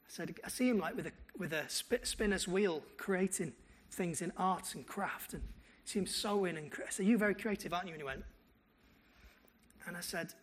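A man's voice: high voice, normal speed, husky. A male pastor, preaching a sermon and telling stories with quoted dialogue. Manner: animated storytelling with quoted dialogue.

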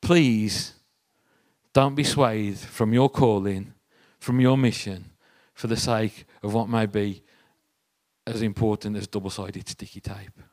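A man's voice: lowish voice, fairly even intonation, takes it slowly, a little mellow, no echo. A man giving a conversational sermon, telling a personal story and asking the congregation rhetorical questions. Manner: chatty, asks the audience rhetorical questions. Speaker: church speaker.

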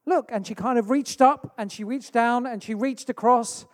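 English preacher in a reverberant hall. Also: male voice, very high voice, normal speed. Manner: storytelling with acted-out asides. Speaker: pastor. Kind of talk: sermon. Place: church hall.

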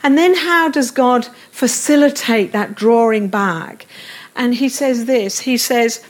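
Woman preacher, middle-aged, earnest sermon delivery, slightly high pitch. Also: slow. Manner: earnest, reads scripture aloud with quiet tender emphasis.

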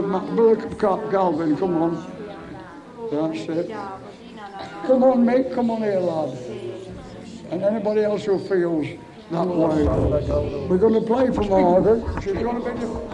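A man's voice: sits high, moderate pace, a crowd in the background, rough recording. A man preaching fervently at a revival meeting, pleading and emotional, with stammered starts.

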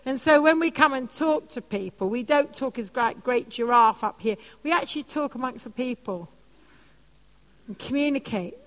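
A woman preaching and teaching on prayer, telling animated stories. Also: normal speed. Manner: animated storytelling, soft lowered voice for quoted comforting words. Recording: long hall reverb.

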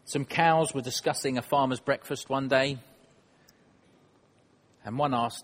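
A man's voice: mid-range voice, unhurried, pauses often, long reverb tail. Man preaching a chatty sermon. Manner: conversational, self-deprecating, asks the congregation questions. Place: church.

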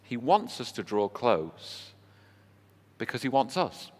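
A man's voice: medium pitch, big pitch swings, slow pace, slightly rough. A man preaching a sermon, talking in a conversational way and asking the congregation rhetorical questions. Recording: long hall reverb with faint music.

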